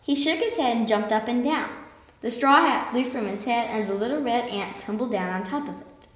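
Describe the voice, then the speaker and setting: A woman reading a children's picture book aloud in a lively way, slowing down for emphasis. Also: on the high side. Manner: lively, with slowed emphatic passages. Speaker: storyteller. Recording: echoey room with long reverb.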